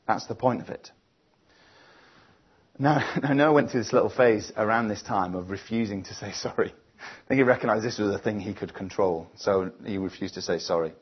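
A man's voice: on the low side, moderate pace, husky, dull audio. A man preaching a sermon, telling a family story in an earnest, reflective way before leading a prayer.

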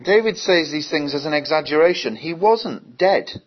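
A man's voice: fairly high pitch, lively intonation, normal speed, breathy edge. A man preaching a sermon earnestly, asking his listeners many rhetorical questions. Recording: dull, lo-fi recording.

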